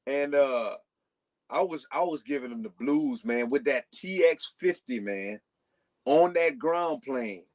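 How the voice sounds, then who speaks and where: A man's voice: medium pitch, takes it slowly, darkish tone. A man telling long casual stories as a guest on a talk show, rambling with frequent restarts. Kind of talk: casual storytelling.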